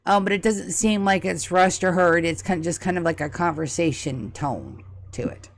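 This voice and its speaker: A woman narrating a tabletop game as game master in a chatty, lively way. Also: fairly low pitch, normal speed.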